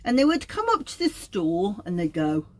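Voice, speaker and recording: A woman's voice: medium pitch, big pitch swings, normal speed. A woman, an aromatherapist, giving an informal teaching talk in a meandering, anecdotal way.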